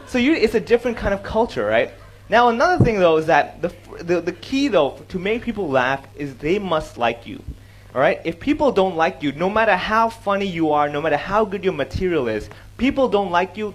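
Guy explaining how jokes work on stage, high voice, bouncy swoopy delivery, mixes in cantonese. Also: rough recording. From Hong Kong. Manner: animated, switches between English and Cantonese. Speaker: stand-up comedian giving a talk. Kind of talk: talk on comedy with joke examples. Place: stage before an audience.

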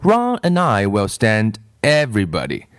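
Man doing a firm cheerful playground helper, higher voice, lively, slow measured storybook delivery. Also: no echo, clean studio sound.

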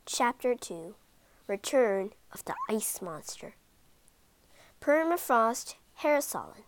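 Woman, storybook reader, slow, animated, highish voice, dry close sound. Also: no room sound. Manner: slow, expressive read-aloud. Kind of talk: children's storybook reading.

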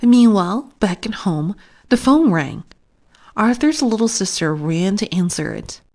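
A woman reading a children's storybook aloud in an expressive, careful way. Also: medium pitch, measured pace. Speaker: storybook narrator.

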